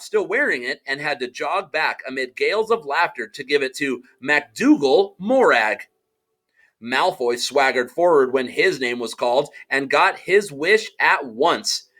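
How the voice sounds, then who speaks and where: A man narrating an audiobook in an expressive storytelling manner and voicing the characters. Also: on the high side. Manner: animated storytelling, does character voices.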